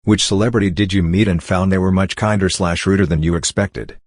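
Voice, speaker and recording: A man narrating online stories aloud in a steady, even reading voice. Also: sits low, brisk, no echo, clean studio sound.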